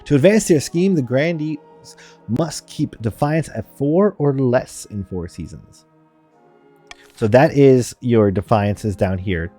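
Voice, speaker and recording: Chatty, mellow-voiced male streamer. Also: medium pitch, lively intonation, takes it slowly, soft background music. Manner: rambling, chatty, laughs often. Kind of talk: live game-stream commentary.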